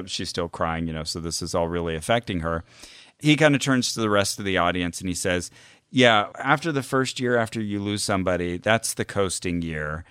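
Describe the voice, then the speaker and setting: A man's voice: deep voice, fairly bright tone, clean tone, no echo. A man casually recounting a story on a podcast, acting out the quotes. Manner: recounts events, acts out quotes. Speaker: podcast co-host.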